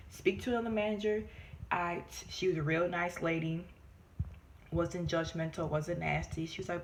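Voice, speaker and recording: A woman talking casually to camera, telling a story in an animated way and acting out quoted people. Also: measured pace, long pauses, slight background noise. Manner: animated, acts out quoted voices in high pitch. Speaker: vlogger.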